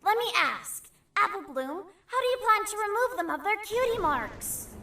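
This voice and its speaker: A blunt, tomboyish little filly pony speaks in a squeaky falsetto during a storybook reading. Her voice leaps high and lively. It sounds distant and echoey over a noisy home recording. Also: normal speed, full character voice. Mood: questioning.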